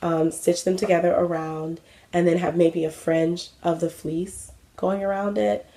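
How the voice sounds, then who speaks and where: A woman's voice: fairly low pitch, flat delivery, a little slow, dark tone. A young adult woman hosting a craft vlog, chatting casually with many fillers and self-mocking asides. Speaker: craft vlogger. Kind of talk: casual chat.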